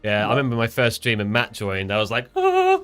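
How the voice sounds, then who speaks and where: A man with an English accent chatting casually on a live stream, rambling and quick to laugh. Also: fairly low pitch, steady tone, pushed and bright, clear, resonant tone, soft background music. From England. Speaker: fellow trader and streamer.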